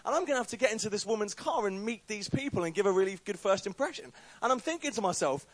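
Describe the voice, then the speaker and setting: A young Englishman gives a relaxed, chatty talk to a church group and tells a funny story about himself. His voice sits fairly high, and the sound is dry and close, with little room echo. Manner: chatty, self-deprecating, quick asides.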